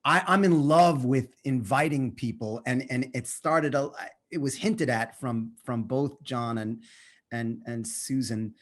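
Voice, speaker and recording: A male guest artist chats casually at a medium pitch. He stumbles and restarts often, then rushes through phrases in quick bursts. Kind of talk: casual conversation.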